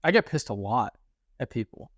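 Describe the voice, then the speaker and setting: A young man co-hosting a podcast in casual chat, telling stories with lively acted quotes. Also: mid-range voice, moderate pace, no room sound, studio quality. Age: young adult. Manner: animated storytelling, quotes others in acted voices. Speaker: podcast co-host.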